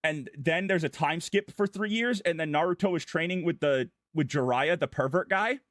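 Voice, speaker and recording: Casting note: male vtuber, slightly higher voice, irreverent rambling recap, dry close mic. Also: normal speed, fairly bright tone, no room sound. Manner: goofy, irreverent, breathless run-on storytelling. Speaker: vtuber streamer. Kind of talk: casual rambling plot recap.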